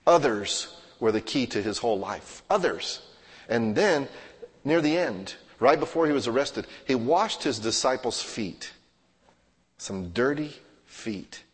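A male pastor preaching a sermon, swinging from hushed to loud and acting out everyday scenes in quoted voices. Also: mid-range voice, animated, measured pace, slightly rough. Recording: long hall reverb.

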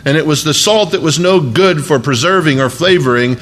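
A man's voice: fairly high pitch, fairly quick, fairly bright tone. A man preaching a sermon as a pastor, in a conversational, folksy way with emphatic asides.

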